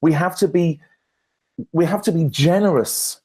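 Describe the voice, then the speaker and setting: Animated man telling business stories on stage. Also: fairly high pitch, measured pace, husky. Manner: animated storyteller, self-deprecating, frequent restarts. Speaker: branding expert guest. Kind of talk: conference Q&A talk, anecdotal. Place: conference stage.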